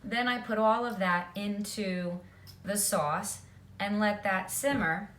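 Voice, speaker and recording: A chatty woman walks through a home cooking demo at an unhurried pace, her voice bright and forward. She keeps checking in with the viewer as she goes. The sound is roomy, bouncing around her kitchen. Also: medium pitch, a little hiss or hum. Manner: chatty, often checks in with "okay?". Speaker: home cook.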